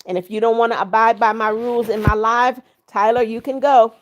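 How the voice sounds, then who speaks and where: A woman hosts her own livestream, reading out viewer comments one by one and replying in a casual way. Her voice sits a little high, and she stays firm and blunt as she warns rule-breakers. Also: steady tone, brisk, dull audio. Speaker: livestream host.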